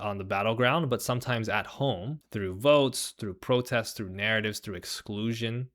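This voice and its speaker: Man, livestream host, lowish voice, rambling, animated, sarcastic asides. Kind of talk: livestream commentary.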